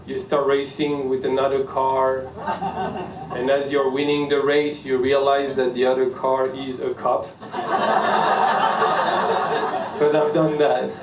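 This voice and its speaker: A man doing a stand-up set, telling absurd stories in a slow, deadpan way. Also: mid-range voice. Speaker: stand-up comedian. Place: comedy club stage. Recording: distant mic in roomy club with room noise.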